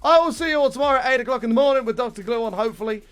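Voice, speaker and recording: A young man chatting with his stream audience in an excitable, casual way, his voice worn and strained. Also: very high voice, very fast, clean tone, faint music behind. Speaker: livestreamer.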